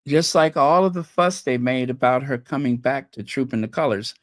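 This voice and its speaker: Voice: medium pitch, moderate pace, no echo, studio quality. A channel host chatting casually with viewers, teasing and gossipy, often trailing off while searching for names and laughing at their own jokes. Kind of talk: casual livestream chat.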